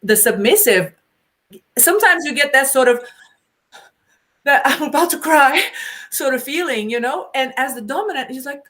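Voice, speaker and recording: A woman's voice: high voice, animated, moderate pace, long pauses, bright, forceful tone. A middle-aged woman, a BDSM educator, talking in an informal Q&A, telling stories animatedly and acting out quotes with laughter. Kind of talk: informal Q&A discussion.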